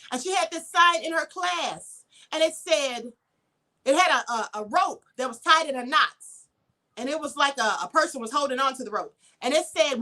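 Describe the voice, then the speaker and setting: A woman's voice: high-pitched, pushed and bright. A middle-aged woman, giving casual spiritual commentary and reading viewer comments in an emphatic, chatty way. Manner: emphatic and chatty, addresses viewers with "honey" and "okay?". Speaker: host of a livestream channel.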